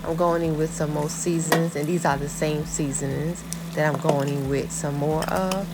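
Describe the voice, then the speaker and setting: A woman's voice: sits low, steady tone, moderate pace, very noisy. A woman narrating her home cooking for viewers in a chatty, casual way, calling them y'all. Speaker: cooking vlogger.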